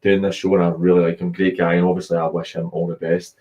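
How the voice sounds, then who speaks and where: Scottish male host, low voice, chatty banter, muffled stream audio. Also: flat delivery, warm tone. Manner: chatty, banter-driven, quick asides. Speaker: radio football show host. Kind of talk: casual sports chat.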